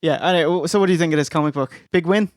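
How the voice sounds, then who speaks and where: High-voiced Irish man, wry. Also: racing, no echo, studio quality. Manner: wry, joking, laughs often. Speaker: podcast co-host. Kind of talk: comedic review chat.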